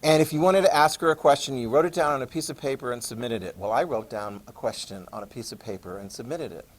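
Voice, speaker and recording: An American man lecturing a class, telling a personal anecdote in a chatty, animated way and addressing the students directly. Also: medium pitch, fast talker. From United States. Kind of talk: classroom storytelling.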